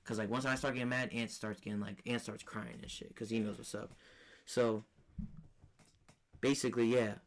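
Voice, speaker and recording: Young male podcast co-host, lowish voice, slangy and blunt. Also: little pitch movement, moderate pace, pauses often. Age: young adult. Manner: slangy, profane, candid storytelling. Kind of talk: casual chat.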